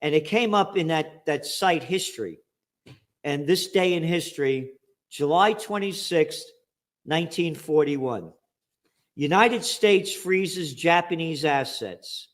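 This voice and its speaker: A man's voice: fairly high pitch, slow. A man hosting a heated political talk show, reading from a source aloud and mocking it with sarcastic asides. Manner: sarcastic, animated, reads aloud and mocks the text. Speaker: show host.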